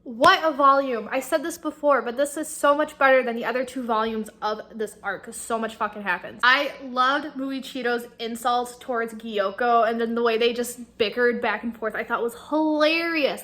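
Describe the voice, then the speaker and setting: A woman vlogger chatting casually about the books she is reading. She gushes excitedly and swears freely. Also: a little high. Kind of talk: casual book-reaction chat.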